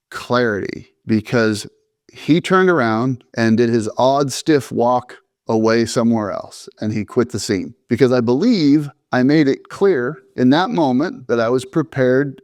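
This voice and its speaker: A middle-aged army veteran telling a first-person story with dry, matter-of-fact humor and a measured, deliberate delivery. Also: male voice, mid-range voice, a little mellow, dry recording.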